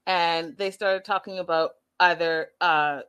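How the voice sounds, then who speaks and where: A woman casually recapping a reality show, animated and acting out what people said. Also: lowish voice, unhurried, slight background noise. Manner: animated, quotes people in lively voices.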